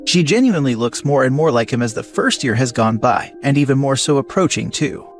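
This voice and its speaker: A man narrating a first-person story in an even, conversational reading style. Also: medium pitch, a little fast. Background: faint music.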